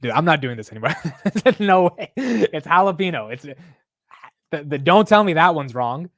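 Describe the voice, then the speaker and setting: Animated, swearing market-stream host man. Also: on the high side, measured pace, dry recording, studio quality. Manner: animated, profane, self-mocking banter. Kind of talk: casual live market commentary.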